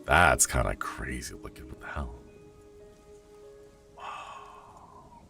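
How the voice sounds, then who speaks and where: A man streaming a game from home and chatting casually. He is sleepy and yawning, and he muses dreamily with soft exclamations of delight. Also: very deep voice, lively intonation, slow pace, vocal fry, faint music behind. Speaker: livestreamer. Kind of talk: casual gameplay commentary.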